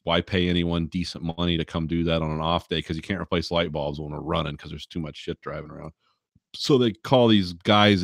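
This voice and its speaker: Man, podcast host, casual chat, cussing, laughing storyteller, fairly low voice, dry sound. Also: dry recording.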